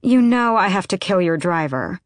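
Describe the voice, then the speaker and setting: A woman voicing a dangerous young female assassin who speaks in a slow, menacing drawl. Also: on the low side, lively intonation, dry recording, studio quality, lightly acted.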